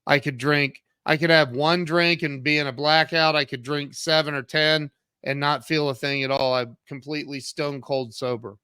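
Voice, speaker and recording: Speaking at normal speed with fairly even intonation, this middle-aged author and CEO tells his story earnestly during an interview. His slightly high voice is clear and resonant, captured dry in studio quality, and it leaps suddenly louder whenever he acts out old conversations.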